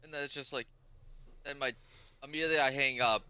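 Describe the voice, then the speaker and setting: A man's voice: mid-range voice, steady tone, quick pace, sharp tone, smooth. A young man telling a story in casual chat, rambling and swearing a lot with "like" everywhere. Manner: rambling, profane storytelling full of "like".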